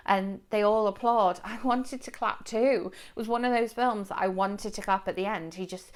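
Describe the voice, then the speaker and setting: A woman's voice: medium pitch, moderate pace. A woman giving a casual spoken movie review to camera, chatty and rambling, with fillers and restarts. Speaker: book and film reviewer.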